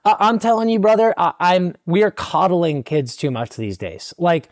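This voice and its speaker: Ranting young man, slightly high voice. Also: very animated, moderate pace, no room sound, clean studio sound. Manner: mock-outraged ranting, exaggerated. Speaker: podcast co-host. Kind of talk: casual comedic podcast banter.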